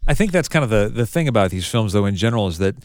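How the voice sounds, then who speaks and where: A man's voice: lowish voice, big pitch swings, very fast, no echo, clean studio sound. A man in a casual film review discussion, easygoing and agreeable, weighing both sides of the point. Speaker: film critic.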